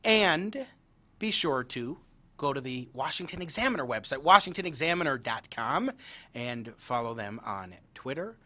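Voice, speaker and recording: A man's voice: mid-range voice, lively intonation, normal speed, sharp tone. A man hosting his talk show, upbeat and promotional as he introduces a guest. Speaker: host.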